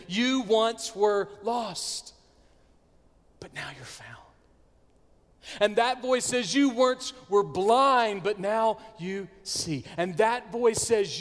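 A man preaching a sermon, swinging between loud declarations and hushed near-whispers. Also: high voice. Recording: long hall reverb.

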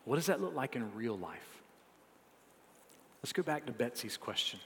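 A male preacher delivers a sermon in a mid-pitched voice, dropping to quiet, low asides and then building to loud, climbing emphasis. The sound carries a long hall reverb. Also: very animated, normal speed, long pauses, slight background noise. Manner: reads a woman's written story aloud.

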